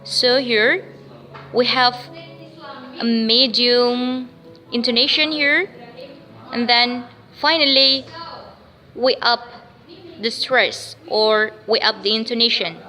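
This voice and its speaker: Slow, bright-voiced woman teaching pronunciation. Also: a little high, steady tone, long reverb tail, soft background music, rough recording. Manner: slow, repeats words and sounds for drilling. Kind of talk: pronunciation lesson with drills.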